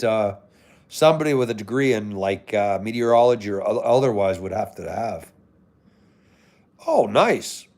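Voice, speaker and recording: A livestream host from the United States answers viewers in easygoing, casual conversation, cursing from time to time. His voice is medium-pitched and a little mellow.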